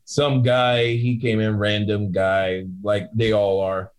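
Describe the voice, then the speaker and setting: A man telling a story from his work as a bouncer in casual chat, acting out both sides with lively shifts in voice. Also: fairly low pitch, slow, clear, resonant tone, low-quality recording. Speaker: guest bouncer.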